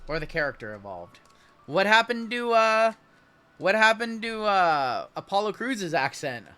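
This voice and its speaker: A man's voice: sits high, very animated, a little slow, pushed and bright, clean tone, faint music behind. A man hosting a live card break, chatting with viewers as he calls out cards and spots. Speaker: sports card break host.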